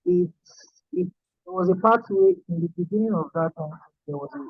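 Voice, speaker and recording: A man student answers his instructor over a call, stumbling and restarting his sentences. His voice sits high for a man and sounds husky, squeezed through a narrow, phone-like line. The sound is dry, with no room echo. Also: normal speed. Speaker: trainee student. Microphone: call audio. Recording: tinny phone line, muffled.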